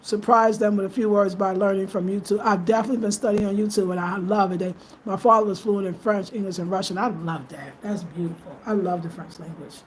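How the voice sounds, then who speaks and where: A woman's voice: medium pitch, fairly even intonation, brisk, few pauses. A middle-aged woman from the United States chatting casually with her livestream viewers, thanking them by name as she talks. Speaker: vlogger answering live chat. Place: rural home in Ghana. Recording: echoey room, faint ambient noise.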